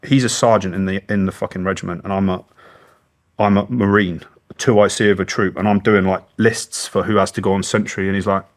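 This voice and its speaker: A middle-aged British man, a former soldier, telling war stories bluntly and emotionally in an interview, swearing heavily. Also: on the low side. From Britain. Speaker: guest, former special forces soldier. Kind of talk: candid interview storytelling.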